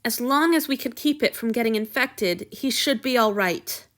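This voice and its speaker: Woman voicing a brisk, kindly healer. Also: a little high, fairly bright tone, lightly acted. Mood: calm. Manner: soothing, matter-of-fact.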